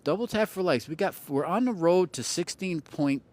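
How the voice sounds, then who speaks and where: A playful man chatting on a live stream, his pitch jumping around as he teases the viewers. He often repeats words in a sing-song way to make a point. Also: expressive, moderate pace, darkish tone. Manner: playful, jokey, teasing viewers. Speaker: astrology livestream host. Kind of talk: casual livestream chat.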